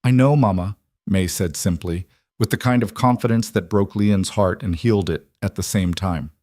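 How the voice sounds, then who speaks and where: A man narrating a western story in a steady, measured storytelling manner. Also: low-pitched, no room sound, studio quality. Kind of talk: scripted audiobook narration.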